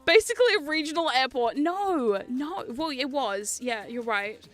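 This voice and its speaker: Young female streamer, New Zealand accent, high voice, animated and foul-mouthed, easy laugh. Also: normal speed, soft background music. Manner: animated, swears freely, laughs often. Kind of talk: casual livestream chat.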